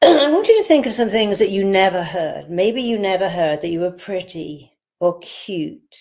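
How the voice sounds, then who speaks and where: A woman's voice: lowish voice, vocal fry, darkish tone. A woman therapist leading a guided visualization, firmly directing listeners and repeating affirmations for them to say back. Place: live online event.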